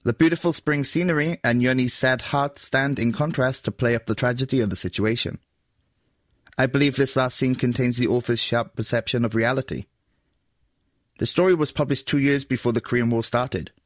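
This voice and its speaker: A man reading a translated voice-over and narration in a measured, scripted way. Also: medium pitch, steady tone, no echo, studio quality.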